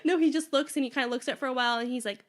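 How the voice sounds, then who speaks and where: A young woman co-hosting a casual podcast, telling animated stories, acting out other people's lines and laughing often. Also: high voice, very fast. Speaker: podcast co-host. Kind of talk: casual chat.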